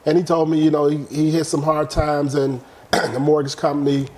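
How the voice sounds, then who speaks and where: A middle-aged man with a slightly high voice, appearing as a real estate guest in a casual interview, tells a story at normal speed. He's an animated storyteller who acts out the quotes.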